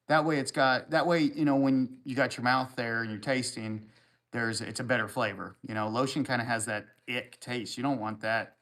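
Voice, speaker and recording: In a steady, mid-range voice with a fairly bright tone, a man running a livestream reads out what viewers write at normal speed. He responds with crude jokes that ramble along in casual chat.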